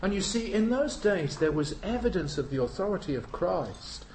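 A man's voice: high-pitched, sing-song, normal speed, darkish tone, slight background noise. A British man preaching a sermon, solemn and emphatic, in a church. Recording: roomy church hall.

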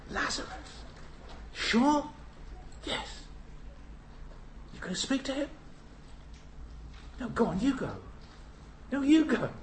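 Eager gossiping feast-goer, a preacher voicing him. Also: male voice, very high-pitched, animated, slow, pauses often, slight background noise, voice pushed up, full character voice. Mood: excited. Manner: eager questioning. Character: curious eager crowd members at a feast. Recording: roomy church hall.

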